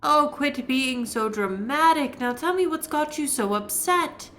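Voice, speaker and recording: A woman's voice: sits high, lively intonation, unhurried, fairly bright tone, a little hiss or hum, voice pushed up. A woman reading a dry, no-nonsense witch. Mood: brisk. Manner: dry, matter-of-fact. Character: brisk, no-nonsense young witch. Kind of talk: reading game dialogue aloud.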